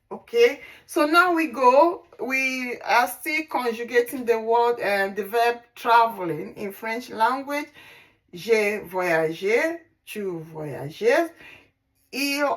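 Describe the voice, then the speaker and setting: Slow, deliberate woman teaching languages. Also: fairly high pitch, a bit bright, low-quality recording. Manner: slow, deliberate, repeats words for practice; frequent fillers and self-corrections. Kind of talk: slow spoken language lesson.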